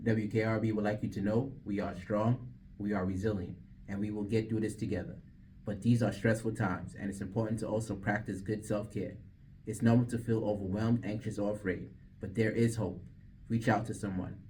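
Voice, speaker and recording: Young male campus radio newscaster and vlogger, low and warm, slangy asides, distant mic with faint hiss. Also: fairly even intonation, brisk. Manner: self-mocking, slangy asides between reads. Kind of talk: casual vlog with news reading. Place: radio station booth.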